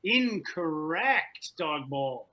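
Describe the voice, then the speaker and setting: A man hosting an online trivia game over a video call, animated and joking, often repeating himself. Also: a little high, extremely slow, poor audio. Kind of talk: playful game-show hosting. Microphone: video call from home.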